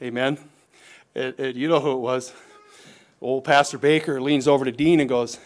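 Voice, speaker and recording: A middle-aged man preaching a sermon as pastor, emphatic, swinging between raised exhortation and quiet asides. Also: fairly even intonation, a little fast. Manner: emphatic preaching, rises and falls in pitch and volume, occasional chuckles.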